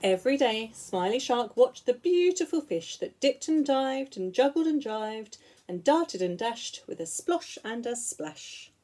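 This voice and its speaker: Slow, sing-song woman reading a storybook. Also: fairly high pitch, big pitch swings, warm tone. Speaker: school teacher. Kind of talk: reading picture books aloud to young children.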